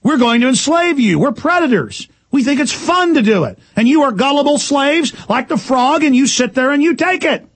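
A man's voice: lively intonation, moderate pace, hardly any pauses. A man voicing a lying male scorpion who boasts of being a predator, gloating in a raised voice. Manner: gloating, loud and high.

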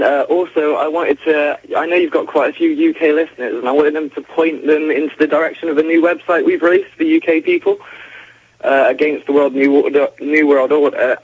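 A man's voice: on the high side, husky. A British man calling in to a radio show, speaking earnestly and a bit hurriedly. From United Kingdom. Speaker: caller. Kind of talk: phone-in call. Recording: muffled phone line.

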